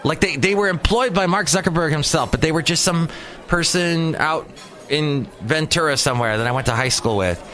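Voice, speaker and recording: A man in his forties, his voice on the high side and fairly bright, talks at a normal pace in a casual solo podcast monologue. He rambles, jokes, and takes wandering detours, recording in a small hot room.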